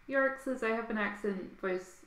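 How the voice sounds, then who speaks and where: A woman's voice: medium pitch, roomy sound. A woman co-hosting a live stream, reading out chat and teasing in a giggly, casual way.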